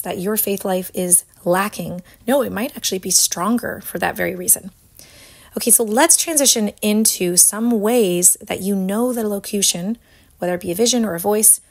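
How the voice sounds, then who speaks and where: A woman hosting a faith talk, speaking earnestly and unhurriedly, with light laughs and long passages read aloud. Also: mid-range voice. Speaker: Catholic faith teacher and host. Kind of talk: casual teaching talk with read quotes.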